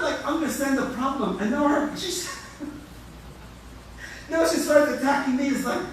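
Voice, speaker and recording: Man, imam, sermon, high voice, rapid, conversational, echoey hall, far from mic. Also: slight background noise. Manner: energetic, conversational preaching with repetitions.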